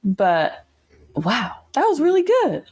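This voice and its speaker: Chatty excitable woman cohost, slow easy pace, lots of gasps. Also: a little high, breathy edge. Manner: excitable, gasps and laughs often. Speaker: podcast co-host. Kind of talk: casual chat.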